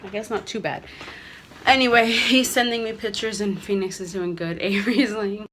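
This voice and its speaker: A woman's voice: medium pitch, fairly even intonation, moderate pace, fairly bright tone. A woman, a mother vlogging at home, talking candidly to the camera in a rambling way with many fillers. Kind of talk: casual talk to camera. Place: home living room.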